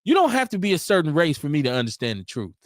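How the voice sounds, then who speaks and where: A man's voice: on the high side, wildly swooping pitch, fast talker, dry recording, studio quality. A man hosting a live online talk show, speaking bluntly and casually with lots of slang and animation. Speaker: host. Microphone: video call.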